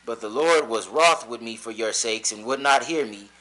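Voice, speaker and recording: A man reading scripture aloud in a steady, measured way. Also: medium pitch, rough recording. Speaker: scripture reader.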